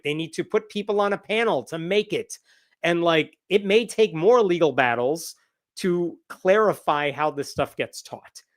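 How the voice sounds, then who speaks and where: An American man hosting a casual livestream news roundup, chatty and sarcastic. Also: a little high. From United States. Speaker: host.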